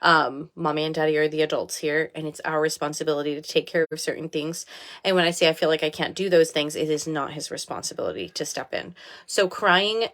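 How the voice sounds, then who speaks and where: Brief: woman in her 30s, live video from a small bathroom, candid and heartfelt, quick to laugh, lowish voice. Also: a bit bright. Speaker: life coach. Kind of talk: casual live video talk.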